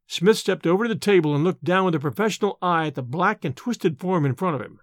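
A man narrating a classic horror story with a dramatic, expressive reading. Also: high-pitched, fast, few pauses, dry recording, clean studio sound.

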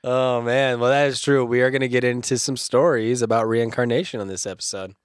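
A man's voice: medium pitch, steady tone, brisk, clean tone, no room sound, clean studio sound. A man co-hosting a podcast, swearing and laughing through casual banter. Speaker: podcast co-host. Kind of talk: casual chat.

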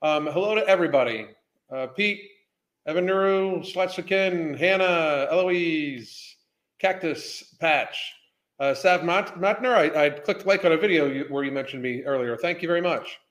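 A man's voice: on the high side, moderate pace, a bit bright. A man hosting a casual livestream as a health coach, rambling, swearing and greeting viewers by name.

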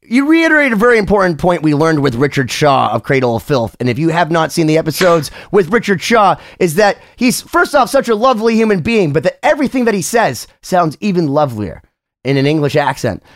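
Enthusiastic podcast host, high voice, loose and profane. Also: male voice, sing-song, brisk. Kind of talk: casual interview chat.

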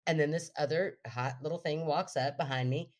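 Woman, casual chat co-host, low-ish voice, animated storyteller. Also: a little fast. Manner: animated, laughs often while telling stories.

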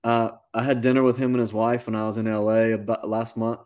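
A man, a musician guest telling a long story in a casual, animated interview. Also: on the low side, fast talker. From North Carolina. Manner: animated anecdote-telling, with quoted asides.

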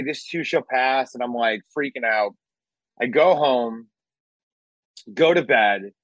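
A man's voice: medium pitch, no room sound, poor audio. Man telling a story in a dry studio. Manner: animated storyteller, swears casually, acts out quotes. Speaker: radio host telling a story. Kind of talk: casual chat, storytelling.

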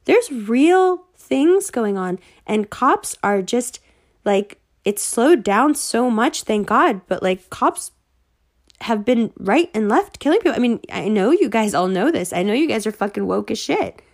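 A woman ranting to her followers, heated and sarcastic, swearing freely and at times rising almost to shouting. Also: fairly high pitch, sing-song, a little slow. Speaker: online commentator.

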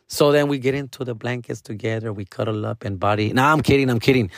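An actor vlogging to his followers tells a casual story in a medium-pitched voice at a quick pace, slangy and profane, dropping Spanish words into his English and peppering his talk with "fool" and "dog". The studio-quality audio has no room sound.

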